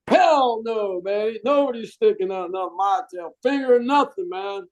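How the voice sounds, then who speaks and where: A middle-aged man, a Marine veteran, telling stories in a casual interview, animated and jokey and saying "man" a lot. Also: high voice, moderate pace, few pauses, rough recording.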